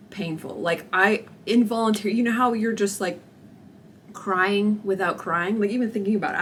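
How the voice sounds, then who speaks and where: A young woman vlogging, telling a personal story to camera in an animated, expressive way, acting out what people said. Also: medium pitch, a little hiss or hum. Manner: animated, expressive retelling with acted-out quotes and laughter.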